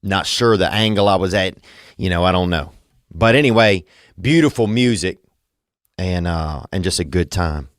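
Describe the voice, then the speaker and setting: A man's voice: low-pitched, normal speed, no room sound, studio quality. A man hosting a podcast, rambling through a comedic monologue full of absurd wordplay and meandering asides. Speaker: podcast host.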